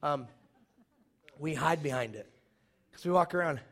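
A man preaching a sermon in a church, telling stories with jokes in an animated way. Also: on the high side, a little slow.

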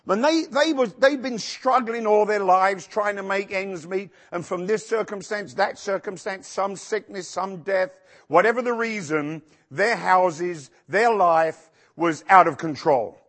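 A male pastor preaching a sermon in a church, acting out quotes with sudden shouts. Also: sits high, unhurried. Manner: animated, acts out quotes with shouts.

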